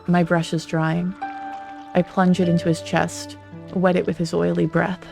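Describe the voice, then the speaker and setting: Flat, gravelly game reader. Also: medium pitch, measured pace, faint music behind. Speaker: let's play streamer. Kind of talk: reading a visual novel aloud with asides.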